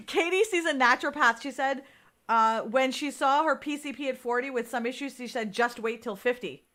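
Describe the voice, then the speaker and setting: A woman's voice: sits high, normal speed, sharp tone. A woman co-hosting a casual chat, talking candidly and rambling, swearing freely and sounding tired. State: nauseous, tired. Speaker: podcast co-host.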